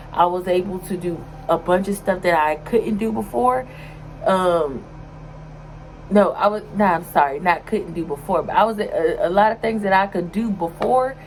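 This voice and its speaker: A woman's voice: fairly low pitch, slight background noise, low-quality recording. A young woman talking casually to her vlog audience in an emotional, sometimes tearful way, with many fillers. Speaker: vlogger.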